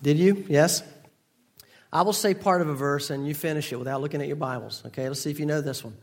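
A man's voice: fairly high pitch, quick pace. A man pastor giving a conversational sermon, prompting his congregation to finish familiar verses. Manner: conversational, engaging the congregation with call-and-response. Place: church sanctuary.

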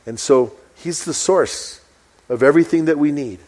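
A middle-aged man preaching a sermon in an easygoing, conversational way. When he reads scripture he slows down and stresses every phrase, then drops back into plain talk. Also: fairly high pitch, a little mellow. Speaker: pastor. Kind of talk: sermon reading and explaining a psalm.

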